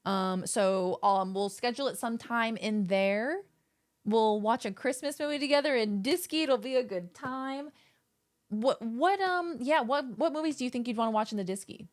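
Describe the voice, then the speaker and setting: A woman's voice: fairly high pitch, normal speed. A young adult woman livestreaming from her home setup, chatting with viewers in a playful, rambling way with goofy asides. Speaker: live streamer. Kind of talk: casual chat with stream viewers.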